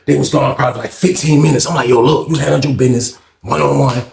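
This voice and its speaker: A man hosting a casual storytime channel, telling a profane, animated prison story and mixing in vocal sound effects. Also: medium pitch, quick pace, creaky, echoey room, a crowd in the background.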